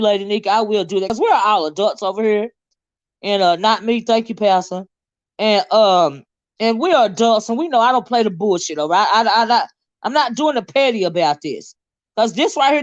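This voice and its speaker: A woman's voice: a little high, dry recording, highs cut off. A woman hosting a livestream in casual chat, fired up, blunt and profane, often stumbling over repeated words. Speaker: livestream host.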